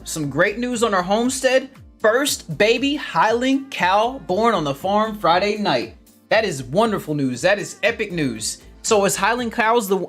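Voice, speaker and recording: A man hosting a casual gardening livestream, reading viewer comments with energetic, upbeat chatter, often laughing and calling his viewers family. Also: high voice.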